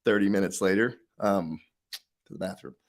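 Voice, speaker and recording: A man's voice: on the low side, moderate pace. A middle-aged man, a podcast guest and author, chatting casually and acting out the people in his stories. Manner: animated storyteller, acts out quotes. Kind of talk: casual interview chat.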